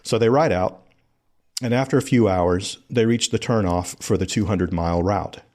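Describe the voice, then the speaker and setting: A man's voice: on the low side, normal speed, darkish tone. A man from South Carolina, hosting a podcast and telling stories in a conversational, scripted narration. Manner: conversational storytelling. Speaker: podcast host.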